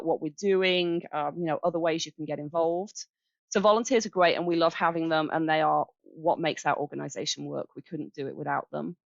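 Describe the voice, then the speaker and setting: A woman's voice: fairly low pitch, vocal fry, dry recording. A woman in her forties with a Birmingham English accent, speaking as a guest on a podcast. She is chatty and friendly and lays things out step by step with the odd "um". The recording is dry and a little dull. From England. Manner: chatty, friendly, explains in steps with fillers. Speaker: charity director guest. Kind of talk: casual podcast interview.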